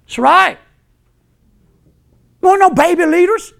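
High-voiced man preaching fiery sermon. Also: a little slow, creaky. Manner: impassioned, preaching in bursts of shouting, colloquial, chuckling. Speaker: pastor.

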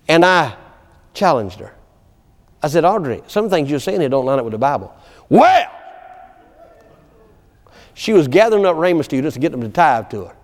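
A man preaching a sermon in a folksy storytelling way, breaking into laughter and calling out "amen". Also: high voice. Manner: storytelling, animated, laughing asides, frequent "amen". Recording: long hall reverb.

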